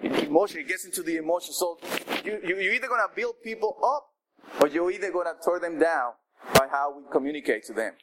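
A man preaching a sermon in a conversational, animated way, with asides to the congregation. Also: fairly high pitch, fast, very noisy.

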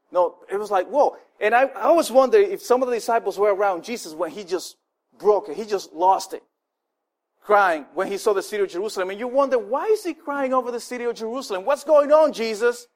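A man preaching a sermon in a conversational way, full of fillers and restarts, acting out the people he quotes. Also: high voice. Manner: animated, acts out the people he quotes. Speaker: pastor.

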